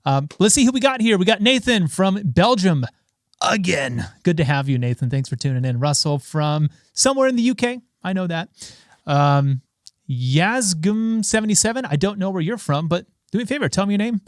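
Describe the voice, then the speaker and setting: A man, a bassist chatting casually on a live stream, a little out of breath and greeting viewers by name. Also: expressive, moderate pace, no echo, studio quality. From Los Angeles. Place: home studio. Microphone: studio microphone.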